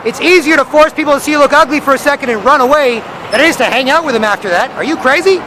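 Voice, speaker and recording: A man's voice: very high voice, racing, bright, forceful tone, poor audio. A man vlogging on a downtown street corner, ranting and repeating himself in a rambling monologue. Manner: repetitive, ranting, acts out other people's voices. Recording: faint traffic noise outdoors.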